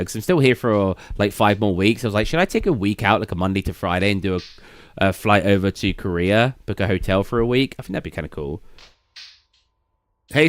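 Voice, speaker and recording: A man's voice: on the low side, dry recording. A young British man chatting casually with viewers on a late-night stream, rambling with lots of fillers and restarts and reading chat aloud.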